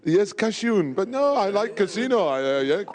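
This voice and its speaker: A man's voice: high voice, big pitch swings, moderate pace. A man emceeing a live race draw, playful and teasing with frequent chuckles. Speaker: master of ceremonies at a race draw. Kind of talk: live event announcing.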